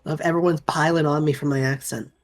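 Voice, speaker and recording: A woman's voice: deep voice, steady tone, fast talker. A woman streamer chatting casually while gaming, in a put-on Boston-New York accent, teasing her co-player. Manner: teasing banter.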